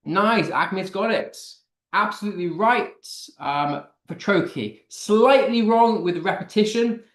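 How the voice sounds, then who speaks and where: A man with a British accent teaching an online English lesson, encouraging students and reading lines of verse slowly with heavy stress. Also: sits high, a bit bright, reverberant.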